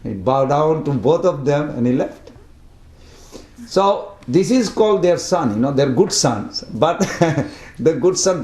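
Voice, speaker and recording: A man with a fairly high voice narrates a devotional tale to a small study group. His English is broken, and he slips into chanting and quoted dialogue. The recording has a noticeable room echo. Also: darkish tone. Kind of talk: devotional storytelling class. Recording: roomy echo.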